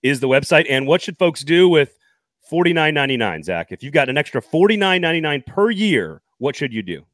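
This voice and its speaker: A man's voice: fairly high pitch, sing-song, fairly bright tone, no echo. A man co-hosting a live sports podcast, joking, laughing often and rattling off sponsor reads. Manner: jokey, laughs often, fast sponsor patter. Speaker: podcast co-host.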